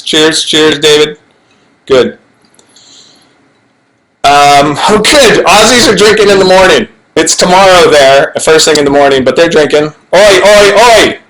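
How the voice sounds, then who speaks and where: A middle-aged man talking alone into a webcam at home, slow and unhurried, with a slightly raised voice. He rambles playfully and drops self-mocking asides. The livestream audio is low quality. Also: a bit bright, low-quality recording. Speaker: actor hosting a fan Q&A livestream. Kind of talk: casual chat to webcam. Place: home, alone in front of a camera.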